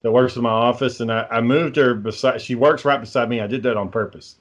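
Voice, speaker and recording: A man's voice: mid-range voice, fairly even intonation, a little fast. Profane rambling man. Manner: profane, rambling, laughs while telling stories. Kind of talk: casual storytelling chat.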